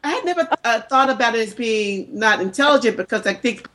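A woman from the American South with a softened Southern accent, chatting as a podcast co-host, hesitant with fillers and quick to laugh. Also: on the high side, animated, rough recording. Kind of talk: casual chat.

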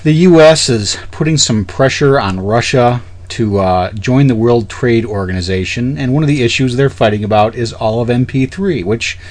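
A man's voice: medium pitch, moderate pace, hardly any pauses. A man co-hosting a casual tech podcast, explaining news in a matter-of-fact way. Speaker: podcast co-host.

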